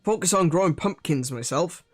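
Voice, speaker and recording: A man's voice: a little high, lively intonation, normal speed, soft background music. A man voicing a plain-spoken male village pumpkin farmer while reading game dialogue aloud. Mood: matter-of-fact.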